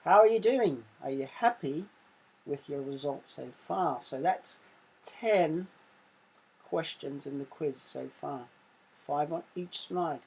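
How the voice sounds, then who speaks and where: Casting: English woman, primary teacher, low husky voice, unhurried quiz reading with punchy sound words. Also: a little mellow, poor audio. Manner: slow, careful quiz reading with sound-effect emphasis. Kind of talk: recorded online lesson.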